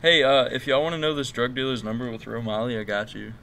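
A man's voice: mid-range voice, quick pace, gravelly, bright, forceful tone. A young man co-hosting a podcast, rambling through crude, joking stories with lots of fillers. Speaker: podcast co-host. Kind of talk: casual chat.

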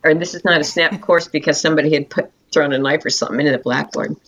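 A woman's voice: deep voice, fast talker, fairly bright tone, highs cut off, a little hiss or hum. An older woman chatting casually as a guest, telling stories and often breaking into laughter. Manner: giggly, storytelling, laughs often. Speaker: guest, interviewee's mother. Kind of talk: casual chat.

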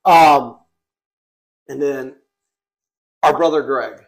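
A man co-hosting a family podcast, telling funny stories in a lively, casual way and often cracking up as he talks. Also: medium pitch, very slow. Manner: animated storyteller who breaks into laughter. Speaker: podcast co-host.

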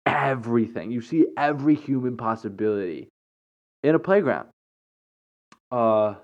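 A man's voice: fairly low pitch, muffled recording. A young man telling a casual, rambling story, saying "like" constantly, blunt and matter-of-fact.

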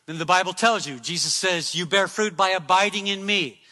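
A man's voice: high voice, a little fast, sharp tone, in a large hall. A man preaching a sermon in an emphatic style, repeating phrases for effect. He speaks from a church sanctuary.

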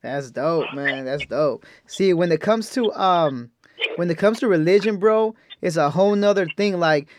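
A man hosting a podcast, relaxed and slangy, with hesitant fillers as he asks questions. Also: high-pitched, moderate pace. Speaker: podcast host. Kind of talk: casual interview chat.

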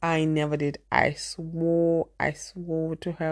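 Zimbabwean mom vlogging, lowish voice, earnest, hammers her point by saying it twice, super dry close sound. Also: little pitch movement, slow, hardly any pauses, dry recording. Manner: earnest and emphatic, repeats key phrases. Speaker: parenting vlogger. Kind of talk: candid personal talk to camera.

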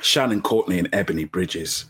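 A man hosting a casual solo boxing podcast, chatty and self-mocking. He drops into low mumbles and then jumps up into loud, high bursts. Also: moderate pace, breathy edge. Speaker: podcast host. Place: at home, sitting under a blanket. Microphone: home podcast mic.

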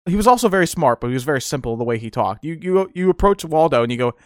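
A man's voice: fairly high pitch, very animated, quick pace, no room sound, studio quality. A man hosting a casual podcast, rambling through memories with frequent laughter. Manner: rambling, laughs often, many fillers. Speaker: streamer podcast host. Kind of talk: casual nostalgic chat.

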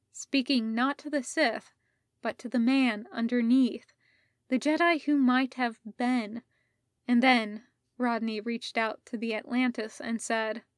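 A woman reading fan fiction aloud as an audiobook, in a measured, soft-spoken storytelling voice. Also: on the high side, steady tone, no echo, studio quality. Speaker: audiobook reader.

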